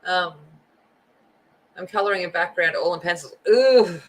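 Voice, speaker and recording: This livestream host colors and chats casually, greeting her viewers by name. Her fairly low voice is a little slow, in a rough recording with slight background noise.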